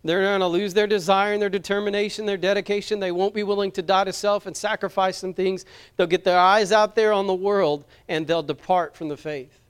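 A male pastor preaching with earnest, impassioned urgency. His voice sits high for a man and comes through smooth and resonant, pressing his listeners with direct appeals. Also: fairly even intonation, a little fast. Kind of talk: sermon.

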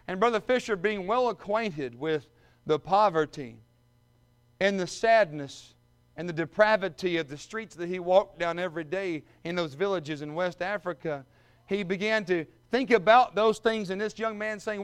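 Male pastor, high voice, preaching with big swings from hushed to shouted. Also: normal speed, clear, resonant tone. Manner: preaching with surges to shouting peaks; addresses listeners as friends. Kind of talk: sermon.

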